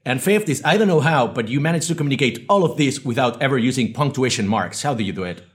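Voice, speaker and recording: A man's voice: medium pitch, expressive, fast talker. A man hosting a podcast, introducing guests in an upbeat, rambling, casual way. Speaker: podcast host and company founder.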